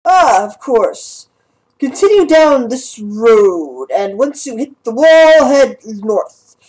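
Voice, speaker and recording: A woman playing a slow, courteous town guard. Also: on the high side, big pitch swings, darkish tone, rough recording. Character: polite male town guard giving directions.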